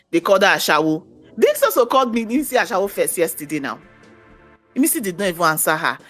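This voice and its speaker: A woman giving a heated, opinionated rant about a reality show. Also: mid-range voice. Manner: animated, ranting, quoting others. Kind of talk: casual opinionated chat.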